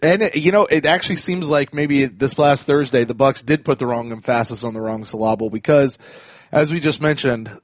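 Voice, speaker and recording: A man's voice: mid-range voice, brisk, dry recording, highs cut off. A man hosting a casual sports podcast, chatty and full of restarts. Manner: chatty, many restarts and fillers. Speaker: podcast host.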